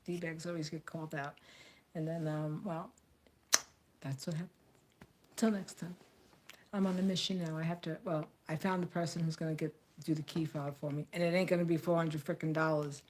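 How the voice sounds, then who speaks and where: A woman's voice: sits low, steady tone, normal speed, darkish tone, a little hiss or hum. An American woman talking straight to camera in a blunt, outspoken rant, repeating phrases for emphasis. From United States. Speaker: vlogger.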